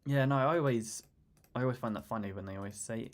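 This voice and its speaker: A man's voice: lowish voice, fast. A young man chatting casually with his live stream viewers, rambling and jokey, tired after little sleep.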